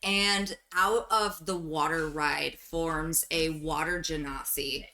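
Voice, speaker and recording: A woman's voice: deep voice, steady tone, slow, bright, forceful tone. A woman running a tabletop game as game master, narrating scenes in a casual, chatty way with plenty of fillers.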